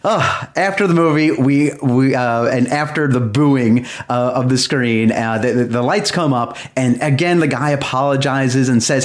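A man co-hosting a podcast, telling a story in a casual, animated way and laughing often. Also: medium pitch, moderate pace, few pauses. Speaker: podcast co-host. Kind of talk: casual chat.

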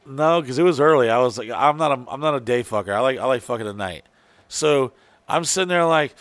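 A man's voice: medium pitch, expressive, brisk, fairly bright tone, no echo. A man telling a long profane story in casual chat, rambling and acting out what he said at the time. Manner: profane, rambling, acts out his own lines.

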